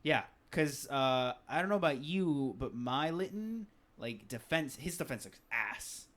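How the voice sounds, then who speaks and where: A man's voice: mid-range voice, expressive, measured pace, fairly bright tone. A man with an ordinary mid-range voice chats on a gaming podcast. He tells stories with plenty of swearing and acts out the game characters as he goes. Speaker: podcast co-host. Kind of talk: casual gaming chat.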